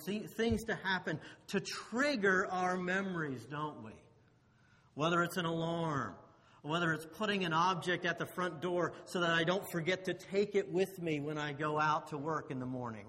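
A man preaching a sermon, swinging between loud emphasis and hushed low phrases, and asking the listeners rhetorical questions. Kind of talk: expository sermon. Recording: long hall reverb.

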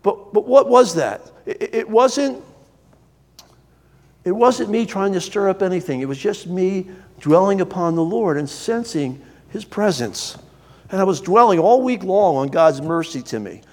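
A pastor delivers a sermon in a church sanctuary, his voice sitting high for a man. He is earnest, climbing to emphatic peaks before sinking back low and quiet. A long reverb hangs behind him from the hall. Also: expressive, unhurried.

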